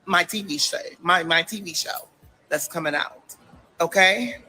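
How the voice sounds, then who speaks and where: A man on a livestream delivers warnings in a high, sharp, bright voice. He works in short bursts and closes almost every point with a pointed "okay?". The tone is confrontational throughout. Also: a little slow, breathy edge, faint music behind, rough recording.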